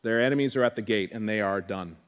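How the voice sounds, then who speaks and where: A man's voice: fairly low pitch, quick pace. A male pastor preaching a sermon in an earnest, heartfelt way, with conversational asides to the congregation.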